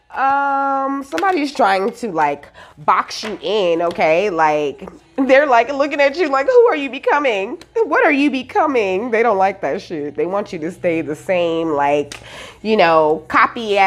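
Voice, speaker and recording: A woman giving a casual spiritual reading, giggling often, swearing casually and asking "okay?" after most points. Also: mid-range voice. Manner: giggly, animated, peppered with "okay?"; reads lyrics aloud and swears casually. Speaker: tarot reader.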